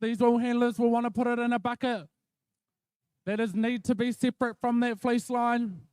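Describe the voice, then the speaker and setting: A man's voice: very high voice, normal speed, clean tone, dry recording. A man giving expert play-by-play, explaining each step of the wool handling. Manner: explains each step in a steady, even flow. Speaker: expert commentator. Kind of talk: live play-by-play commentary.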